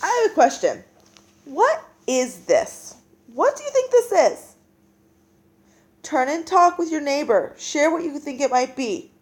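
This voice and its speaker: A woman's voice: high-pitched, moderate pace. A woman teacher giving a classroom reading lesson, talking to her students and acting out the voices they hear in their heads. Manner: animated, acts out inner voices.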